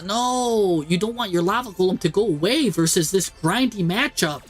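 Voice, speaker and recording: Male streamer, high-pitched, live play-by-play, exasperated and animated, faint music underneath. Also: normal speed. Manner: exasperated, animated, talks to the screen. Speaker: streamer commentating a card game. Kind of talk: live game commentary.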